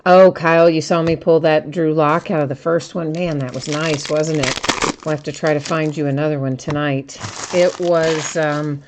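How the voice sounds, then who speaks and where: Chatty lady opening card packs on a live stream, lowish voice, crinkly noise behind. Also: steady tone, moderate pace. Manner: chatty, greets viewers by name, laughs easily. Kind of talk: casual live-stream chat.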